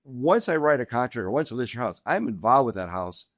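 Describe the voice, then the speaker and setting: A middle-aged man appearing as a guest on a podcast, telling animated anecdotes and laughing often as he goes. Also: mid-range voice, a little fast, dry recording, studio quality. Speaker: guest real estate agent. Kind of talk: casual podcast storytelling. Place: indoor podcast room.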